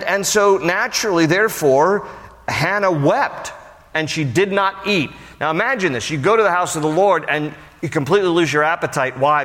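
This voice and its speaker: A man preaching a sermon as a pastor, animated, with playful asides to the congregation. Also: mid-range voice, long reverb tail.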